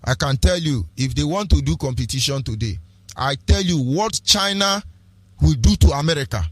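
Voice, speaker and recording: A man's voice: a little high, lively intonation, moderate pace, fairly bright tone, no echo. A man with a Nigerian accent, delivering an impassioned, preachy political radio talk with repeated rhetorical phrases and lapses into pidgin. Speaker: radio broadcaster.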